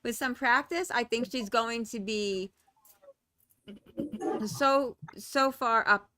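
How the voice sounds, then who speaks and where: A woman guest panelist talking through ideas in an animated way, with many restarts. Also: on the high side, takes it slowly, clear, resonant tone, no echo, studio quality. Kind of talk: panel discussion.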